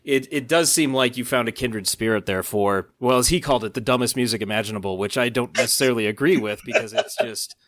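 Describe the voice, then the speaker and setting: A man's voice: mid-range voice, fast, hardly any pauses, fairly bright tone. A man hosting a podcast interview, enthusiastic and reflective, talking casually about the music. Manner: enthusiastic, reflective, frequent agreement. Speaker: podcast host.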